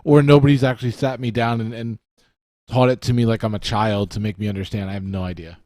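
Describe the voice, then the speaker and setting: A man's voice: fairly low pitch, steady tone, quick pace, dark tone, no room sound, studio quality. A man co-hosting a casual podcast, chuckling and asking puzzled questions. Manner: laughs easily, puzzled asides. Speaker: podcast co-host.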